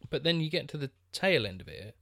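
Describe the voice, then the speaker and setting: A man's voice: fairly high pitch, sing-song, brisk, pushed and bright, no echo, studio quality. A man co-hosting a podcast, chatting casually about a film with many restarts and fillers. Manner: rambling, lots of restarts and fillers. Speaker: podcast co-host.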